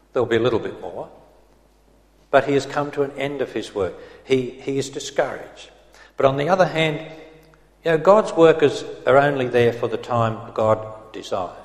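A man preaching an expository sermon in a gentle, earnest manner, reading scripture aloud in old English. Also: mid-range voice. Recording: roomy hall with long reverb.

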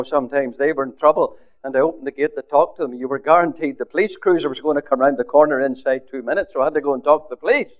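An older man, a pastor, telling a story in a sermon, often dropping his voice to a near hush for quoted words. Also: on the high side. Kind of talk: sermon testimony. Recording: phone-like narrow sound.

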